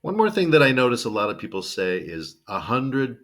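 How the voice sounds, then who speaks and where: A man teaching English to learners, explaining slowly and drilling words with exaggerated pronunciation, often checking in with "right?". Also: on the low side, very animated, a bit bright. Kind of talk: video lesson for learners.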